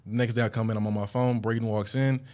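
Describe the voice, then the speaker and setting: A young man hosting a podcast, telling a story in a casual, animated way and leaping up in pitch when he acts out quotes. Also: quick pace. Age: young adult. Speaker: podcast host. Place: studio.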